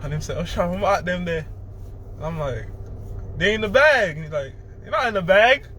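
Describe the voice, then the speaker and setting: A man's voice: high voice, animated, moderate pace, sharp tone, a little hiss or hum. A young man, defending himself in casual chat and explaining what happened. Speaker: son.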